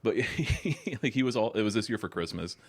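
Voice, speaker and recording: A man's voice: on the low side, expressive, fairly quick, breathy edge, no echo. A young man chatting as a podcast guest, telling rambling stories with plenty of swearing and laughter. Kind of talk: casual chat.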